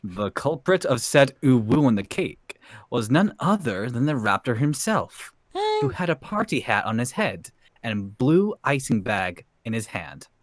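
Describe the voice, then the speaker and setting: A man's voice: medium pitch, huge pitch swings, unhurried, no room sound. A man reading fanfiction aloud to friends, with playful asides and laughing between lines. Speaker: fanfiction reader.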